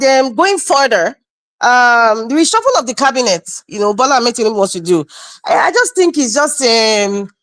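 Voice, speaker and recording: Nigerian woman, panelist, slightly high voice, insistent and repetitive, dry close sound. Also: no echo. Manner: insistent, repeats herself, defensive. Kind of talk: heated online panel debate.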